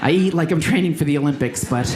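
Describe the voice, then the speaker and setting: A woman's voice: sits low, fast, heavy background noise. Woman doing self-deprecating stand-up. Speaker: stand-up comedian. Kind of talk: stand-up routine. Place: comedy stage with audience.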